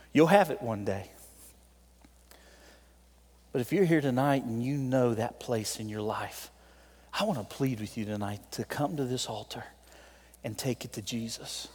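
A man preaching a sermon in a church, telling a story and pleading with the congregation, swinging between loud appeals and soft, quiet moments. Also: on the high side, slightly rough. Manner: tells a story with voiced characters. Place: church sanctuary. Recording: long reverb of a large hall.

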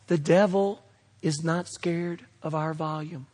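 A middle-aged man, preaching a sermon that swings between loud exhortation and hushed asides. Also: a little high, fairly even intonation, slow, in a large hall. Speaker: pastor.

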